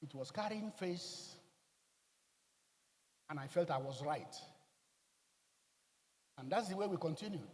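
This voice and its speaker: A man preaching a sermon, telling a personal story with emotional, emphatic delivery and loud bursts of exclamation. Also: fairly high pitch, animated, slow pace, long pauses, in a large hall. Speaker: pastor.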